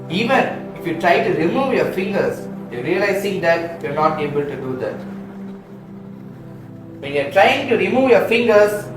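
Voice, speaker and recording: A man reading a hypnosis script aloud in a measured, soothing, repetitive way. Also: high voice. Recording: distant voice in echoey hall with music.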